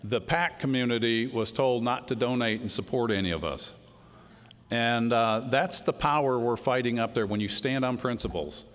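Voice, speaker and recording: Folksy congressman, middle-aged, mid-pitched, off-the-cuff speech with long hall echo. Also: moderate pace, fairly bright tone. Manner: folksy, storytelling, says y'all. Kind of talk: unscripted political speech. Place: large hall before a crowd. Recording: hall reverb with crowd.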